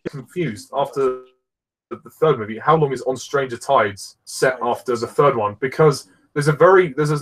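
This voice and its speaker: Male fan commentator, husky, easygoing and hesitant. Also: mid-range voice, fairly bright tone, rough recording. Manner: easygoing, hesitant, lots of fillers. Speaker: film commentator. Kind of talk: casual film commentary.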